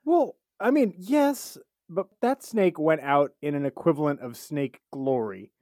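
Male co-host, lively up-and-down pitch, cusses casually, dry sound, playful reactions. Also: measured pace, dry recording. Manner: playful, swears freely, animated reactions. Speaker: podcast co-host. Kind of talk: casual comedic chat.

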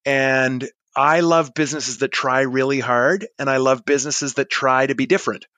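A man in his forties telling an anecdote, chatty and animated, acting out the people he quotes. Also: medium pitch, moderate pace, no room sound. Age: 40s. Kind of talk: storytelling monologue.

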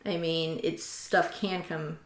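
A woman's voice: deep voice, steady tone, takes it slowly. Chatty woman in an echoey room. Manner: chatty, storytelling with laughs and quoted asides. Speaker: podcast co-host. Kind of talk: casual chat. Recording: roomy echo.

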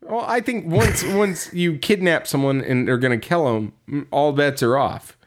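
A man's voice: on the high side, normal speed. Laughing, rambling podcast co-host man. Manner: rambling, laughing, acting out quotes. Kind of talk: casual chat recapping an episode.

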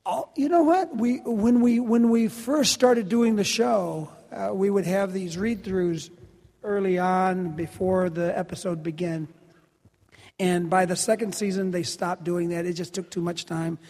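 A man, an actor, fielding fan questions at a convention panel in a loud, teasing, joking way. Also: high voice, fairly even intonation. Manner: brash, teasing, quick to cut people off. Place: large convention hall. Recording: echoey hall over a PA.

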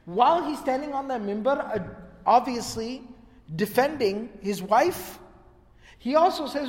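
A man teaching history as a storytelling lecture, earnest and emphatic, repeating phrases for stress and translating the passages he recites quickly. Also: very high voice, animated, long reverb tail. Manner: recites quoted passages quickly in another tongue and then translates them.

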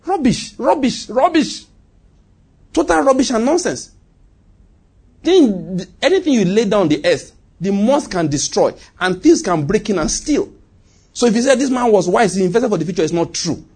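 Male pastor, husky and a bit high, emphatic repetitive sermon delivery. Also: expressive, fairly quick. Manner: emphatic, repeats phrases, swings from loud to quiet.

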